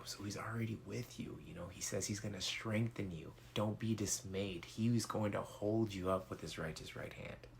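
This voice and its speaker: A man retells a Bible story in a loose, slangy, conversational way, full of fillers and asides. His voice is very low and gravelly with vocal fry. There is a faint hiss behind him. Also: steady tone, moderate pace. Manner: laid-back and slangy, many fillers.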